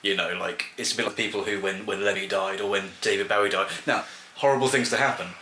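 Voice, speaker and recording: A man's voice: fairly low pitch, steady tone, quick pace, sharp tone, reverberant, a little hiss or hum. A man talking as a guest on a casual podcast, laid-back and wry.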